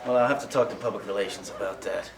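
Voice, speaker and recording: A man's voice: on the low side, fairly even intonation, rapid-fire, gravelly, roomy sound, crowd noise. An actor playing a self-important office training manager who boasts about his many jobs. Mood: pompous. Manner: pompous, boastful.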